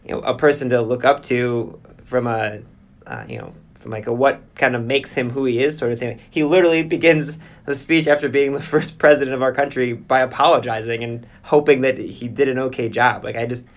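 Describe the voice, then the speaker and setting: Relaxed male podcast host. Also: mid-range voice, a little fast. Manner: relaxed, rambling questions with fillers. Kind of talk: casual interview chat.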